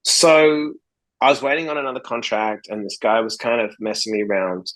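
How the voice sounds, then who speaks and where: Man from australia, blunt storyteller, swears often, middle pitch, acts out dialogue. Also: steady tone, normal speed, fairly bright tone, low-quality recording. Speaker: podcast guest, interventionist. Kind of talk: casual interview storytelling.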